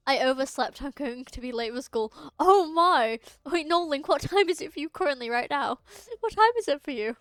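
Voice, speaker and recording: A woman's voice: sits high, expressive, moderate pace, a bit bright, no room sound, faint music behind. A young woman streaming a game, chatting casually with her viewers. She rambles and restarts her sentences often. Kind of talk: casual live-stream chat.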